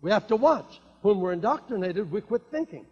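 An older man preaching a sermon, swinging between quiet asides and loud emphatic declarations and repeating key lines. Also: high voice, sing-song, fairly quick, husky. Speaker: evangelist. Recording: dull lo-fi recording in a reverberant hall.

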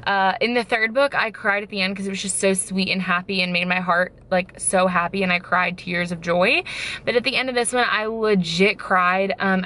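A young woman in her twenties vlogging about a book she loved, gushing and excitable, with lots of "like". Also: on the low side, a little hiss or hum. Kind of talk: casual chat.

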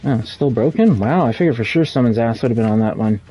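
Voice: mid-range voice, expressive, fast talker, warm tone, slightly rough. A streamer giving live gameplay commentary while playing the killer, teasing the other players. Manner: playful, teasing the players being hunted.

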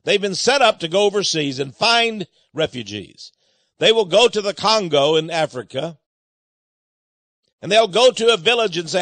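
A man's voice: high voice, expressive, moderate pace, a bit bright, dry recording. A man hosting a radio monologue, speaking emphatically and urgently and addressing his listeners as friends. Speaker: radio host.

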